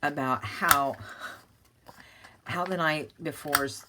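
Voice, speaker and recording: A woman's voice: deep voice, slow, very noisy. A woman hosting a crafting channel, chatting casually and rambling as she works, breaking into laughter at her own stories.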